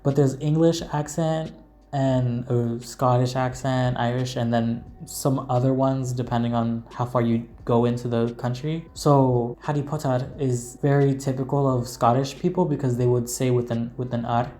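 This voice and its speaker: An American man talks to camera in a relaxed, explanatory way, drifting and hedging as he goes. His voice is mellow and dark. His delivery sounds unscripted and chatty. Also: medium pitch, normal speed. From United States. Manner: loose and rambling, with many hedges and filler words. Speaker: English teacher.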